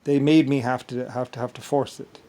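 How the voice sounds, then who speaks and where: A man's voice: medium pitch, level tone, mellow. A man talking alone in a rambling monologue, stumbling and repeating words as he goes. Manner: halting, repeats words, trails off. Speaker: vlogger.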